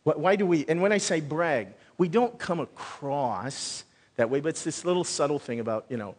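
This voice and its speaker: Male pastor, sermon, chatty and off-the-cuff, voice a bit high, long hall reverb. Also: moderate pace. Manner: conversational, animated, thinks out loud with restarts. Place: church sanctuary.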